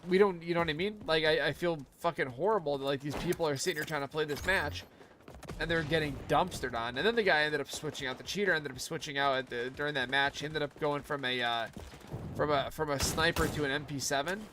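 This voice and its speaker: A male streamer rambles through a profane story while playing, in a voice pitched a little high. Game gunfire rings out clearly behind him throughout. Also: fast, bright, forceful tone, slight background noise. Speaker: gaming streamer. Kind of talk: casual gaming commentary.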